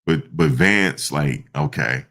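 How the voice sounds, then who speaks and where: A man giving casual, slangy reaction commentary, animated and repeating himself, often breaking into laughter. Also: extremely low pitch, takes it slowly. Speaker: online commentator.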